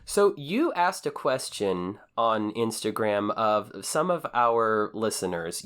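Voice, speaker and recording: A man co-hosting a casual podcast, talking in an earnest, measured way as he runs through news and listener shout-outs. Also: mid-range voice, big pitch swings. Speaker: podcast co-host.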